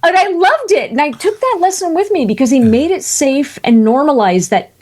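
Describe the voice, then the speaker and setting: A woman speaking as a podcast guest, an animated storyteller who tosses in quick asides and jokes. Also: high-pitched. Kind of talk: lively conversational interview.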